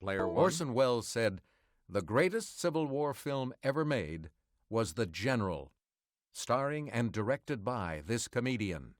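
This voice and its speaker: Lively quiz show host man. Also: medium pitch, no echo, clean studio sound. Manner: crisp, measured announcer delivery. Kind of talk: reading quiz clues and answers.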